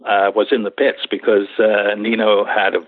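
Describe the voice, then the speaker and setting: Husky man on a tinny phone line. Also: lowish voice, little pitch movement, normal speed, no echo. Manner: rambling, with many hesitations. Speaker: guest. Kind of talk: interview podcast storytelling.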